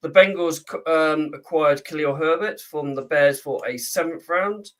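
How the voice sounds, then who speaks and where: A man's voice: fairly high pitch, a little slow, a bit bright, far from the mic, rough recording. UK male co-host, chatty news read, many fillers, sits back from mic. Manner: chatty, with frequent ums and uhs while reading. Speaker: podcast co-host reading the trade news. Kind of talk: casual chat.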